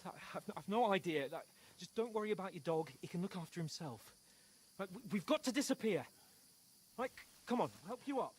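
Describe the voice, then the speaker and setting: An actor playing an anxious young male companion in a game, speaking in an urgent, brisk, rallying way. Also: sits high, expressive, husky. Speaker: game character. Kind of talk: scripted game dialogue.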